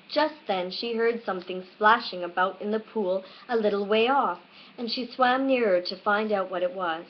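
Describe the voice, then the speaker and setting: A woman giving an unhurried, plain amateur reading of a classic storybook, from a dull lo-fi webcam recording. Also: medium pitch, slight background noise. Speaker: audiobook reader.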